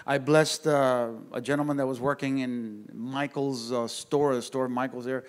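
A male pastor telling a story in a casual, animated way to a men's group at church, talking straight to his listeners. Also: mid-range voice, a little slow. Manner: animated, conversational, addresses the audience directly. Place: church gathering room.

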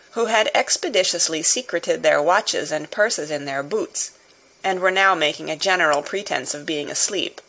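A woman narrating a classic novel in a measured, even storytelling manner. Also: lowish voice, gravelly, rough recording. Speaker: audiobook narrator.

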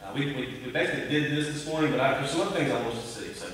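A man preaching a conversational, animated sermon, recorded from a distance in a church sanctuary. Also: very fast, hardly any pauses. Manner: conversational, animated preaching with sudden rises in pitch. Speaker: pastor. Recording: echoey church hall, voice from a distance.

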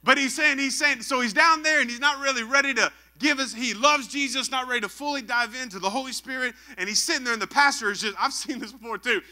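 A young man preaching a lively sermon as pastor, calling out to the congregation for responses. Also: very high-pitched, quick pace, hardly any pauses.

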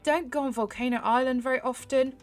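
A young woman chatting excitedly to her viewers while she plays a horse game, giggling often. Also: sits high, a little fast, soft background music. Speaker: gaming YouTuber. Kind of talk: casual gameplay commentary.

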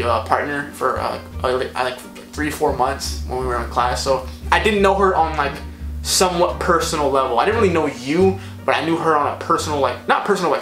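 Brief: young male vlogger, fast and lively, rambling storyteller, roomy echo. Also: on the high side. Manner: rambling, animated, filler-heavy. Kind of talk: storytime vlog. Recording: echoey room, faint music.

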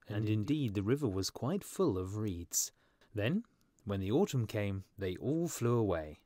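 Low-voiced man reading a fairy tale. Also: big pitch swings, a little slow, warm tone, no room sound, clean studio sound. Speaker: audiobook narrator. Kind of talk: storybook narration for English learners.

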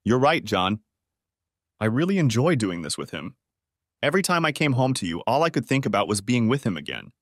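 Pleading remorseful wife, voiced by a man, softened higher voice, lively ups and downs, dry close sound. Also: brisk, no echo. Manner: apologetic, pleading. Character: remorseful young adult wife, tired and pleading.

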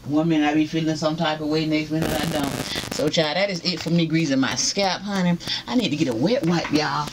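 A woman's voice: low voice, fairly even intonation, a little fast, noisy background. A woman chatting casually to camera at home, calling her viewers y'all. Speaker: vlogger. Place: room at home with ceiling fan.

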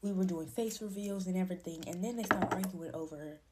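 Animated woman telling gossip, lowish voice. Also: a little fast, very noisy. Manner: animated gossip, drops to whispers for quoted lines. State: talking low late at night. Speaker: storytime creator. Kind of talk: casual storytime.

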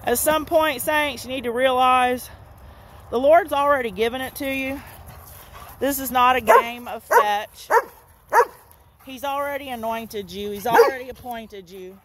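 A woman street preacher giving an informal, animated sermon straight to camera, with playful asides to her listeners. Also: sits high, unhurried, a little hiss or hum.

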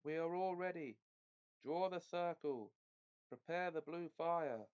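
A man's voice: on the high side, slow, a little mellow, clear, resonant tone, lo-fi sound, voice pushed up. A man voicing a sinister grey-voiced plotter who urgently calls for black magic to begin, read aloud in a storybook. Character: wizened hag's grey-voiced ally calling up sorcery.

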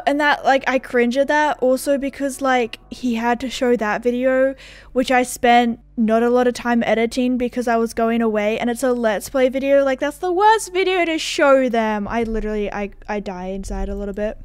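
A woman's voice: a little high, moderate pace, darkish tone, no room sound. A young woman with an Australian accent, chatting casually and self-deprecatingly over a game video from her room at home, with lots of fillers. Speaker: gaming YouTuber. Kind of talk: casual gaming vlog chat.

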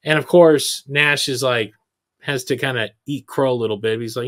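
A man hosting a podcast, recapping a film in a casual, sarcastic, animated way. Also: medium pitch, normal speed. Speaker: podcast host.

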